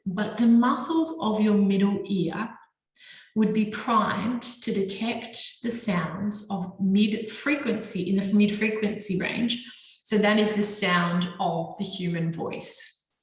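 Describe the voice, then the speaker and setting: Woman, educator, explanatory lecture, animated intonation, medium pitch, very echoey room. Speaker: trauma and nervous system educator.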